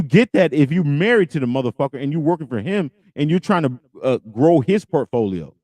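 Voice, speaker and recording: A man's voice: mid-range voice, sing-song, brisk, hardly any pauses, a little mellow, dry recording. A middle-aged man hosting a podcast, ranting and swearing heavily as he reacts to a clip. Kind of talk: heated reaction commentary.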